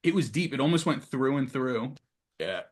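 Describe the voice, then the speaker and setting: A man guesting on a podcast, an actor telling animated, profane backstage anecdotes in casual conversation. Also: medium pitch, normal speed. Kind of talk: casual storytelling.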